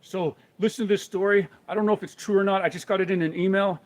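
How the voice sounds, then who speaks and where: A man's voice: high-pitched, fairly even intonation, pitched above the performer's own voice, lightly acted. A man imitating an angry little Canadian man who rants blusteringly about speaking for the people. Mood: ranting. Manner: blustery, preachy, rapid.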